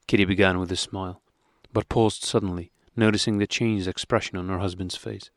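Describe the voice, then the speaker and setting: A man narrating a classic novel as an audiobook in a measured, even way. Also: low-pitched, no room sound, clean studio sound.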